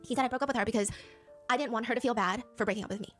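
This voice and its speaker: A woman races through a casual story recap in a slightly high voice. She is animated and slips into the voices of the people she describes. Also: rapid-fire, faint music behind. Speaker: host recapping a dating show.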